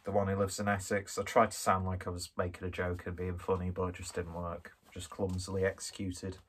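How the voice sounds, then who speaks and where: A man's voice: deep voice, flat delivery, brisk, slightly rough. A man, from northwest England, chatting through a casual beer review in a rambling, self-deprecating, jokey way. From Skelmersdale, northwest England.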